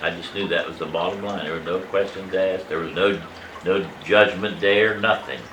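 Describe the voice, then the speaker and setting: A man in his eighties telling a family story from his childhood in a casual, animated way, emphatic and salty, chuckling as he goes. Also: sits low, normal speed, background noise. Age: 80s. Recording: echoey room, mic at a distance.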